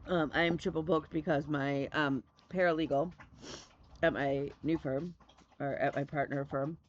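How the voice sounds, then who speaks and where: In casual chat as a flosstube host, a middle-aged Michigan woman gushes repetitively over her stitching, saying "love me a" again and again. She speaks low at a moderate pace with fairly even intonation, over dull audio with slight background noise.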